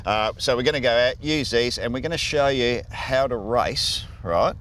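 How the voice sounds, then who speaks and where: A man with an Australian accent co-hosting a motorsport show, talking in a relaxed, rambling way with frequent restarts. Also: mid-range voice, normal speed, a little hiss or hum. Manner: laid-back, restarts often, excitable behind the wheel. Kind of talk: casual chat and in-car commentary.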